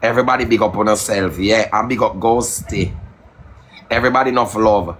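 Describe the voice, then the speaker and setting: A man hosting a casual live stream, teasing his guest in patois and shouting out viewers. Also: fairly low pitch, fairly quick, slight background noise. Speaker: livestream host.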